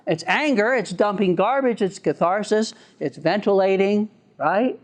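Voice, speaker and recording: A man, a therapist, lecturing an audience with an animated, chuckling storytelling manner and sound effects. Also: sits high, a little slow, hardly any pauses.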